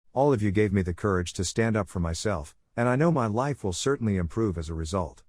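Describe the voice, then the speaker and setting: Male narrator, lowish pitch, steady and plain read-through of written stories, dry close recording. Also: dry recording. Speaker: story narrator. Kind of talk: scripted narration of online posts.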